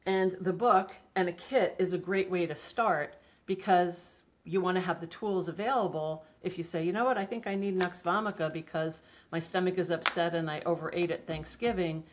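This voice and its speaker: A woman's voice: on the low side, moderate pace. A middle-aged woman guest talking enthusiastically about homeopathy in a casual interview, chatty with many restarts. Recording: dull lo-fi audio.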